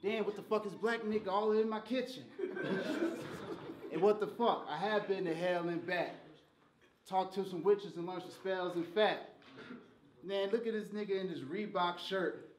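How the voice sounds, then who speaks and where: A man battle rapping a cappella, loudly mocking his opponent at a live event. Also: sits high, normal speed, roomy sound, background noise. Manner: loud, mocking delivery. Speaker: battle rapper.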